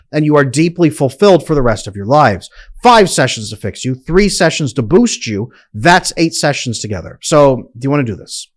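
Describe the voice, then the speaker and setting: A man speaking as a relationship coach in a direct, emphatic, persuasive monologue to his viewers. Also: a little high.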